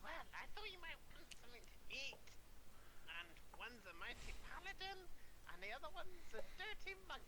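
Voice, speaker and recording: A man's voice: very high voice, very animated, normal speed, noisy background, pitched above the performer's own voice. A man voicing a brash small monstrous male captor who blusters in broken grammar. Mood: cheeky.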